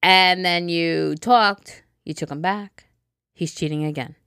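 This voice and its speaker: A woman's voice: slow, clear, resonant tone, dry recording, clean studio sound. Emphatic woman giving blunt podcast advice. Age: adult, a mother. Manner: emphatic, drops low and quiet to drive points home. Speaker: podcast co-host. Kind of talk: casual advice chat.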